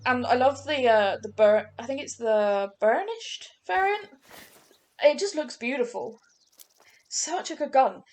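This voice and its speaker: A young woman talks through her hunting game in a loose, chatty way. She rambles, trips over words and restarts her sentences. Her voice sits a little high for a woman. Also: lively intonation, a little slow. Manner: chatty, rambling, self-correcting. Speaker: gaming channel host. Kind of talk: casual gameplay commentary.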